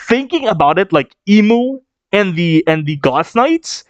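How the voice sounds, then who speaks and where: A man reading a manga chapter aloud and reacting, animated and chatty, thinking out loud. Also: high voice, measured pace, hardly any pauses, no room sound, muffled recording.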